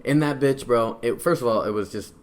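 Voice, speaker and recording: A man's voice: mid-range voice, fairly quick, slight background noise. A young man with a Midwestern American accent, talking as a podcast guest in a loose, rambling way full of slang and swearing. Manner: rambling, slangy and profane, keeps saying bro; drinking beer while talking. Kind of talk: casual conversation.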